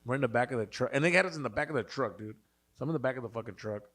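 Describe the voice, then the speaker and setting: A man's voice: mid-range voice, rapid-fire. A young man hosting a podcast, telling a story casually, swearing often and laughing as he goes. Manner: profane, animated, laughs a lot. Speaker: podcast host.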